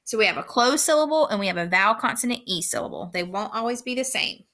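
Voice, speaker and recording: A woman teacher giving a recorded phonics lesson, speaking slowly and clearly and repeating each word for young learners. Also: mid-range voice, animated, pushed and bright. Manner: slow, clear instructional pacing with repeated words.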